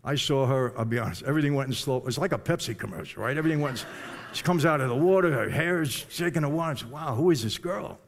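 A man's voice: medium pitch, expressive, quick pace, gravelly. An older man telling a personal testimony to an audience, in a conversational way with direct asides to the listeners. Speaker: speaker giving a personal testimony. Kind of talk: storytelling to a live audience.

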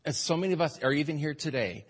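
A man preaching a sermon as pastor, emphatic, swinging between loud urgent passages and quiet earnest ones. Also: a little high, animated, quick pace, breathy edge, long reverb tail. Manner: emphatic preaching, rising and falling in force.

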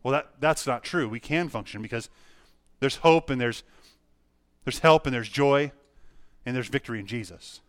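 A middle-aged pastor preaching a sermon, telling a personal story earnestly with frequent restarts. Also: male voice, medium pitch, normal speed, pauses often, no room sound, clean studio sound.

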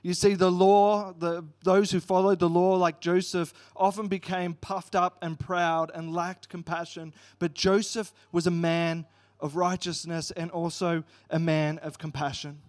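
A man's voice: high voice, flat delivery, measured pace. A man preaching a Christmas sermon, retelling a Bible story in an earnest, storytelling way and reading passages aloud. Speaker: pastor.

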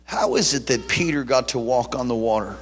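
A man's voice: mid-range voice, a little fast, slight background noise. A man preaching a sermon with personal testimony. His conversational storytelling swells into fervent preaching. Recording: long reverb of a large hall.

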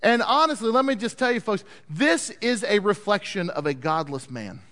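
A man preaching and retelling a Bible story with animated delivery, asking his listeners questions. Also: high-pitched, moderate pace. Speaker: pastor teaching a Bible story. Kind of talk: sermon. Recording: long hall reverb.

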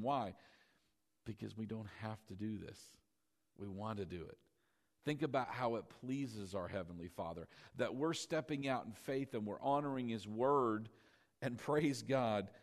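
A male pastor with a medium-pitched voice preaches a sermon, asking rhetorical questions, drawing call-and-response from the congregation and slowing down for emphasis.

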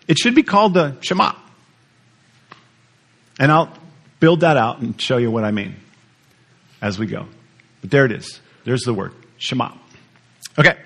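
Male pastor, slightly high voice, animated teaching sermon delivery. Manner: animated teaching, repeats words, asks the audience questions.

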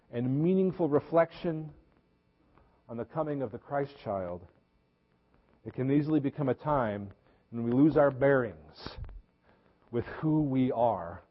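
A man preaching a sermon as pastor, earnest, repeating words and slowing down for emphasis. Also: fairly high pitch. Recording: echoey hall, dull lo-fi sound.

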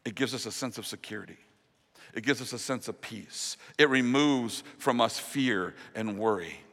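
A man preaching a sermon as pastor, earnest, dropping to a hushed, slow voice on the key promises. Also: mid-range voice. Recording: long reverb of a large hall.

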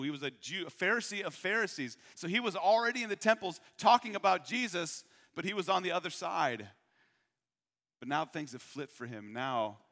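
A man from Michigan preaching a sermon, asking rhetorical questions and slowing down to repeat his key points. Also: fairly high pitch, fairly bright tone. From Michigan, USA. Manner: rhetorical questions, emphatic slowed repetition. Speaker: pastor. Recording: long hall reverb.

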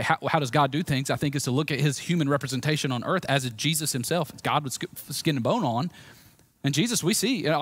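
Preaching with a Southern US accent, this pastor's sermon moves from loud, emphatic passages to hushed, low stretches, and the recording has no room sound.

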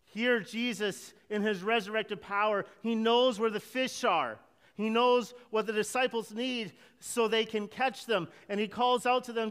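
A man's voice: high voice, measured pace, a bit bright, clean tone. A man preaching a sermon, acting out the quoted lines and chuckling now and then. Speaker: pastor. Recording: long hall reverb.

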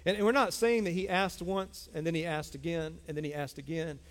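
A middle-aged pastor preaches emphatically in a church sanctuary, repeating lines and calling out to his congregation. His voice is a little high and a little fast, with fairly even intonation. The recording carries a long hall reverb.

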